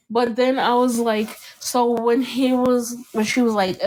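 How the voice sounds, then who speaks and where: A young adult woman hosting a casual podcast with her sister. She tells stories in an animated way, acts out bits of dialogue, and laughs often. Her voice sits somewhat high. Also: moderate pace, hardly any pauses. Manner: animated storytelling, breaks into laughter, acts out scenes. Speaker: podcast host. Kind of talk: casual chat.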